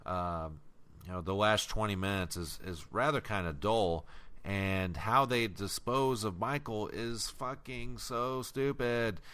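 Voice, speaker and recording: A man talking on a podcast in a lowish voice, reviewing a film in loose casual chat. He swears often and laughs as he goes. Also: clear, resonant tone. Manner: profane, animated, quick to laugh. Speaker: podcast co-host.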